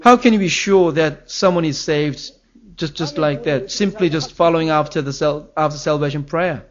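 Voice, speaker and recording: A man's voice: on the high side, normal speed, muffled recording. A man preaching a sermon as pastor, earnest and emphatic, his voice rising on key phrases.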